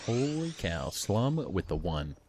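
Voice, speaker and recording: A man's voice: low-pitched, big pitch swings, measured pace, heavy background noise. A man streaming a building game, talking casually with chat in a rambling way, laughing often and restarting his sentences.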